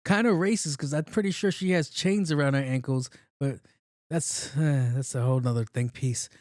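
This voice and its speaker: Podcast host, man in his late thirties, casual and profane, mid-pitched voice, dry close sound. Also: moderate pace, darkish tone, no room sound. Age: 30s. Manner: loose, profane, repeats himself. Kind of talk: casual solo podcast commentary.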